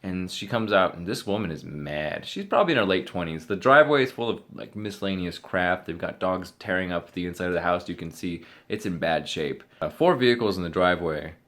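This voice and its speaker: Deep-voiced man telling a story to camera. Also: a little fast, hardly any pauses. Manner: animated retelling, acting out other people's lines. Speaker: vlogger.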